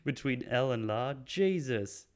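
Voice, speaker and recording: A man putting on a sneering, high-pitched mob boss. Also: expressive, a little slow, lightly acted. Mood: mocking. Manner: sneering, mocking tough-guy delivery. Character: gruff, scornful mob boss Penguin, middle-aged man.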